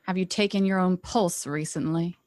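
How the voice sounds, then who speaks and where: A woman's voice: lowish voice, fairly even intonation, normal speed, darkish tone, no echo. A woman playing a tabletop game, speaking in dry, teasing quips. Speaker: player. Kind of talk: tabletop game role-play.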